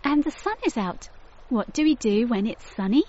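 A woman's voice: animated, moderate pace, darkish tone. A woman voicing a young, curious girl tortoise who tires easily, in a storybook read-aloud. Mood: eager. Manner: high, eager, wondering. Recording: dull lo-fi dry recording.

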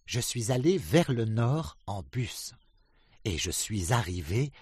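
A man voicing Drake, an excited male duck explorer, in a storybook reading, telling his friends eagerly about his travels. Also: on the low side, unhurried, breathy edge, dry recording, voice pushed up, heavily acted.

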